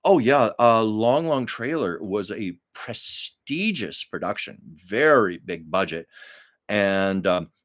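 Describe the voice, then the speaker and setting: A man's voice: on the low side, a bit bright. An older man hosting a live stream, telling rambling stories in a chatty, casual way with frequent fillers.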